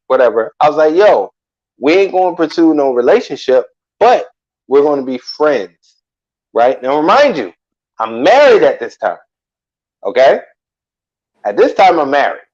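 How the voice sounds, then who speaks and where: A man telling a personal story in casual chat, animated and loose with street slang, acting out what people said. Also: a little high, highs cut off. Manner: animated, acts out quoted lines loudly, salty slang.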